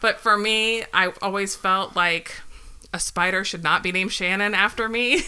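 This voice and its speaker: Co-host woman in her 30s, crisp bright tone, animated storyteller who laughs a lot. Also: medium pitch, measured pace. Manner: animated, laughing, acts out her own squeals. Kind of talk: casual storytelling chat.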